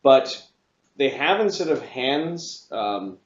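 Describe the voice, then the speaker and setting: A man narrating as game master of a tabletop game at a table with players, pausing often with ums and restarts. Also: medium pitch, very animated, reverberant, highs cut off. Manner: halting, frequent restarts and ums. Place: room with several players around a table.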